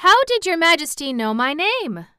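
A woman's voice: high voice, sing-song, measured pace, sharp tone, clear, resonant tone, no room sound, studio quality, pitched above the performer's own voice, heavily acted. A woman reading aloud and voicing a polite, curious little farm girl in a storybook, earnest and wondering.

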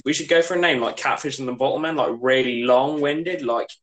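Young man, podcast guest, hesitant, rambling, mid pitch. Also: brisk, a bit bright, low-quality recording. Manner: rambling and hesitant, heavy use of "like". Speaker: podcast guest, skater and drummer. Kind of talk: casual chat.

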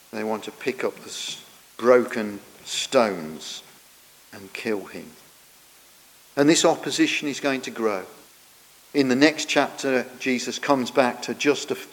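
A man preaches, explaining scripture in an earnest, teaching way. His phrases often sink quieter as they end. His voice rings out with a long reverb, as in a large church. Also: mid-range voice. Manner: earnest, explanatory, drops softer at the ends of phrases. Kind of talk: sermon.

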